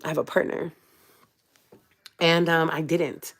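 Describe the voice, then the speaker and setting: A woman's voice: deep voice, flat delivery, measured pace. Confiding young woman on a livestream. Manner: emotional, confiding, talks to viewers as y'all. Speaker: vlogger on a live stream. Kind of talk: casual storytime on a livestream.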